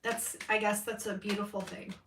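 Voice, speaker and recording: She speaks at medium pitch with little movement in it, at a moderate pace, against a noisy background. Doing a live-streamed tarot reading, she rambles frankly, swears freely and laughs a lot. The mic is distant and the sound roomy.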